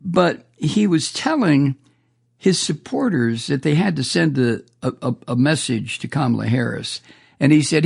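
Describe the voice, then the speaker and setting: A male talk host rants through a political monologue, indignant and profane, often tripping over his own words. His voice sits a bit high and gravelly, and it swings widely up and down as his outrage builds. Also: lively intonation, a little slow. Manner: indignant, profane ranting with repeated stumbles.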